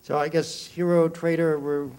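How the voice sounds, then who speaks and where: A male moderator with a somewhat high voice puts questions to a candidate panel. He is brisk and businesslike. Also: level tone, a little mellow, clean tone. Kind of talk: moderating a forum.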